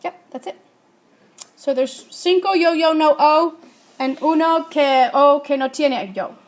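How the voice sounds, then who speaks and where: A woman's voice: high voice, unhurried. A woman teaching a Spanish grammar lesson, asking her class questions and answering them herself.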